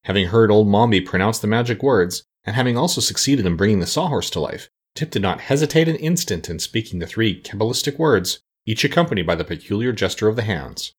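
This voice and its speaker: A man narrating a storybook aloud, expressive and changing his voice for each character. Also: fairly low pitch, a little fast, few pauses, husky. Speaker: audiobook narrator. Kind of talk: storybook reading.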